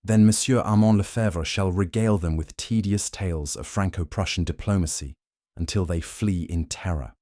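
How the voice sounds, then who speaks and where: A man's voice: sits low, normal speed, warm tone, no room sound, studio quality, natural voice. Man voicing Sherlock Holmes, cold and clipped. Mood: cool. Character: cool, sharp-witted male detective.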